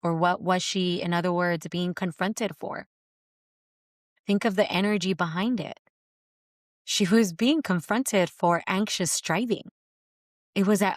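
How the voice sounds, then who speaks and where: A woman's voice: on the low side, unhurried, pauses often, no echo, studio quality. A woman hosting a faith podcast, giving an earnest, reflective teaching that repeats phrases for emphasis and quotes scripture.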